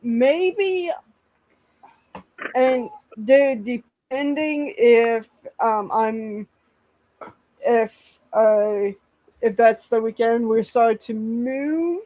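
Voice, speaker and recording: A woman co-hosting a casual stream chat, talking haltingly with many fillers. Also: fairly high pitch, dark tone, no room sound, low-quality recording.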